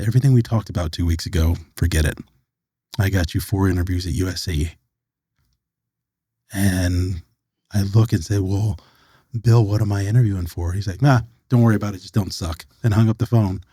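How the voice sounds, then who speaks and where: A man's voice: sits low, normal speed, husky, no room sound. A middle-aged man from the United States, a podcast guest recounting a personal story and acting out the lines of the people in it. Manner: animated storyteller who acts out quoted dialogue.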